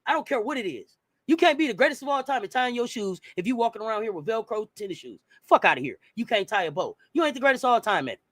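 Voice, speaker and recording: A man's voice: sits high, big pitch swings, fast, a bit bright, dry recording, studio quality. A man in a heated sports talk rant, blunt and profane, firing off rhetorical questions. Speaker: sports commentator.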